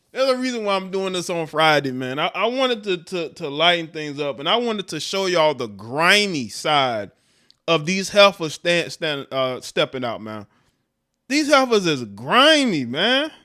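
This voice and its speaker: His fairly high voice swings widely in pitch and sounds pushed and bright, though his pace is measured. He's a man hosting a livestream, reacting to clips and chat with blunt, profane commentary and frequent laughter.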